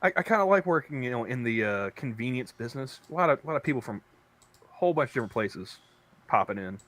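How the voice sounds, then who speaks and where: A man's voice: medium pitch, expressive, quick pace, fairly bright tone. A man co-hosting a casual podcast chat, rambling through stories with many restarts. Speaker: podcast co-host; convenience store worker.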